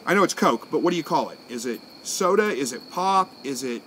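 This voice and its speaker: A man, chatting casually on a live stream as he answers viewer comments. His voice sits a little high for a man, and he talks in a relaxed, folksy way, thinking out loud. There is a faint hiss behind him with crickets chirping. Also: brisk. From Southwest Missouri, USA. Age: 40s.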